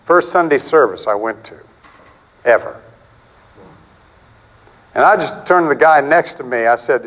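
A middle-aged man preaching a sermon in a conversational, animated way, acting out quotes and stories. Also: normal speed, long pauses, low-quality recording. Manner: animated, conversational, acts out quotes with big pitch swings.

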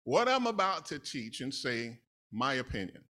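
A man's voice: mid-range voice, big pitch swings, moderate pace, sharp tone. A man from New City, preaching a casual, conversational sermon with laughing asides. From New York City. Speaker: lay preacher.

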